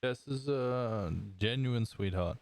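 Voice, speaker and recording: A man chatting casually with another roleplay player, friendly and asking quick questions. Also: mid-range voice, darkish tone, dry recording. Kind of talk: casual in-character chat.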